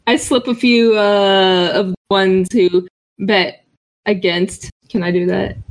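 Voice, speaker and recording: A woman's voice: medium pitch, fairly even intonation, takes it slowly. A woman playing a tabletop game, talking hesitantly and saying "like" a lot. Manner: hesitant, full of "like". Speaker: player. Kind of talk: casual tabletop game chat.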